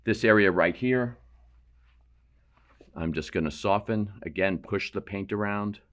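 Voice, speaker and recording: A man with a low voice walks through a painting demo. He explains each term while he works, in a loose, thinking-aloud way with self-deprecating asides. He sounds like he is in a studio. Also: unhurried, a bit bright. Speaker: painting instructor. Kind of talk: painting demonstration.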